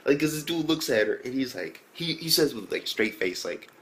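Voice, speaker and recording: A man giving a casual anime episode review, swearing constantly and rambling through fillers, sometimes jumping into excited reactions. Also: brisk, a little hiss or hum. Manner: profane, loose storytelling full of fillers; jumps to excited high-pitched reactions.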